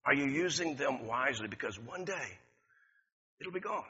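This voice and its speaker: A man's voice: mid-range voice, normal speed, husky, big-room sound. A middle-aged man preaching a sermon, telling stories with lots of repeats and chuckles. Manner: lively, storytelling, repeats words, chuckles often. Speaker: pastor. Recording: dull lo-fi recording.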